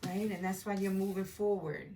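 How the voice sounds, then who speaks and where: A woman's voice: mid-range voice, flat delivery, normal speed, background noise. A woman giving a meandering intuitive tarot reading from home, often adding "right?" as she talks. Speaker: tarot reader. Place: home with a dog nearby.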